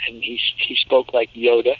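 A man in his seventies, a voice actor telling animated, jokey stories in an interview. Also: mid-range voice, moderate pace, breathy edge, no echo. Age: 70s. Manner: animated, jokey storyteller who slips into demo voices. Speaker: voice actor guest. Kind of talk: anecdotal interview talk. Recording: muffled lo-fi audio.

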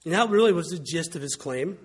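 A man delivers a sermon in a relaxed, conversational way, slipping wry anecdotes into his teaching. His voice sits a little high for a man. It has a husky, breathy edge. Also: brisk. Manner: conversational, wry storytelling with mimicked quotes. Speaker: pastor.

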